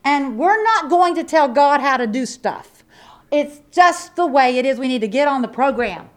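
Woman preacher with a high voice, emphatic, folksy sermon delivery that swings from loud to hushed. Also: lively intonation, moderate pace. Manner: folksy, conversational asides to the congregation.

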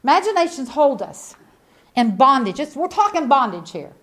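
Woman preacher, higher pitch, very lively intonation, folksy storyteller with loud bursts and hushed asides. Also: normal speed. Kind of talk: sermon.

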